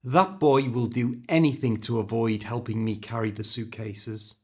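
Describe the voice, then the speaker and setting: A man's voice: medium pitch, steady tone, normal speed, slightly rough. A man with a British accent voicing a cheerful, joking father in a storybook reading. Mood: jovial. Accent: British English. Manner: jovial, joking. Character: cheerful British dad, jokey.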